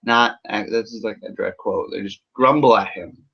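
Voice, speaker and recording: A man's voice: lowish voice, moderate pace, vocal fry, breathy edge. Sarcastic man rambling through a review. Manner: sarcastic, rambling, swears freely. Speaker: movie reviewer. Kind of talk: casual spoken film review. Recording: dull lo-fi recording.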